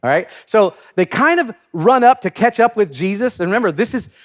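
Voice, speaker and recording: Animated high-voiced male preacher. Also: fairly quick. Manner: animated, acts out biblical characters with comic voices; laughs often while preaching. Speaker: pastor. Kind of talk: sermon.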